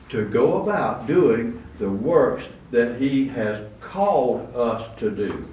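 A man's voice: medium pitch, a little mellow. A man preaching a conversational sermon, with asides and restarts, recorded in a church. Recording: roomy echo, distant mic, faint room noise.

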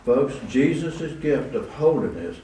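A man delivers a conversational sermon in a church, full of asides and restarts, his mid-range voice mellow, unhurried and sing-song. The distant mic picks up a roomy echo and faint room noise.

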